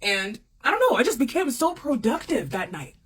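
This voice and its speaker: Young adult woman, casual storyteller, expressive, repeats lines for emphasis. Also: a little high, normal speed, slightly rough.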